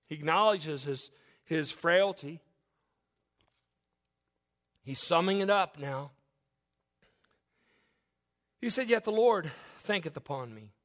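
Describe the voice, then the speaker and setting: A man preaches a sermon with a voice set a little above the usual male pitch. He moves between quiet, confiding asides and loud, rising declarations, with a chuckle slipping in here and there. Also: animated, a little slow, pauses often. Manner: fervent, swings from soft to loud, with chuckles. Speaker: pastor.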